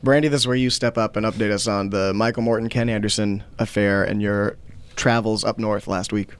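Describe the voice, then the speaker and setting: A man's voice: on the low side, fairly even intonation, fairly quick, clean tone. A man hosting a casual political podcast, asking questions and steering the talk. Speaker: podcast host.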